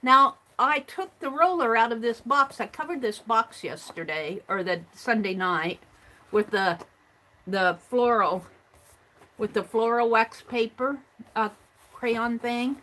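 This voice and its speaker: Taking it slowly in a slightly high, sharp-toned voice, a middle-aged woman shows off her crafts on a livestream. She rambles casually and reads out viewer comments, captured on a low-quality recording.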